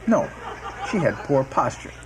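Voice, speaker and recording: A fussy, indignant office worker in his fifties, as a man puts him on while reading a comedy script. He keeps pushing his pitch up into lively, exasperated, pedantic questions. Music plays underneath. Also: measured pace, a loud crowd, poor audio.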